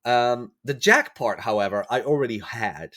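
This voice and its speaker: Still recovering from a cold, a man tells stories in a relaxed chat as a podcast guest. He speaks expressively at a moderate pace in a mid-range, slightly bright voice, rambling, correcting himself and acting out the voices he quotes.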